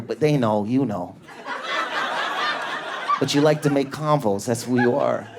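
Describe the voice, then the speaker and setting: A man doing a stand-up comedy set in a club, riffing on an audience member with raging, neurotic energy and lots of swearing, on a stage mic. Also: background noise. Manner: high energy, profane, neurotic, rapid riffs. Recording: live club audience laughter.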